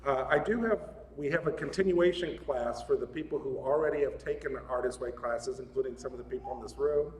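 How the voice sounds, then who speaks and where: A man's voice: medium pitch, a little fast, few pauses, a little mellow. Male preacher, conversational and jokey, mid-range voice; reverberant hall, distant mic. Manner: chatty, laughs often. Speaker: guest speaker at a spiritual center. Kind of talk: casual, joking sermon. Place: large hall of a spiritual center. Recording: echoey hall, mic at a distance, faint room noise.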